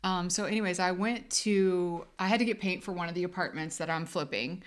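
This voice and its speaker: A woman's voice: on the low side, a little fast. A woman, co-hosting a podcast and telling a rambling story with lots of laughter. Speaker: podcast co-host. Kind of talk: casual storytelling chat.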